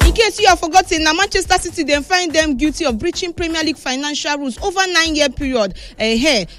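A woman with a Nigerian Pidgin accent presenting football news, animated and emphatic, retelling quotes in a casual way. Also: sits high, fast, music in the background. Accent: Nigerian Pidgin English.

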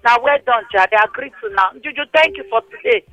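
A woman radio phone-in host speaking Nigerian Pidgin, giving animated, scolding commentary on air. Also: fairly high pitch, quick pace, dull audio, faint music behind. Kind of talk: casual radio phone-in chat.

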